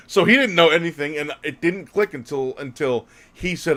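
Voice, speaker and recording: A man's voice: a little high, a little fast, hardly any pauses, a bit bright. A man co-hosting a podcast, telling a casual story in a rambling way. He often corrects himself and laughs as he goes. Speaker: podcast co-host.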